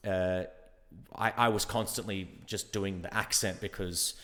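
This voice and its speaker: An Australian man, an actor and interview guest, telling casual anecdotes in a lively way. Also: low-pitched, measured pace, big-room sound. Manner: animated anecdotes with quoted voices. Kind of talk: casual chat, storytelling.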